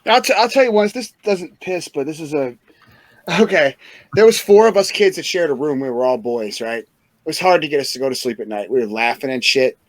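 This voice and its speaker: A man's voice: fairly high pitch, fairly quick, dry recording. A man from Missouri, a podcast co-host, telling funny stories in a casual chat, swearing a lot and laughing as he talks. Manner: laughing, profane, animated storytelling.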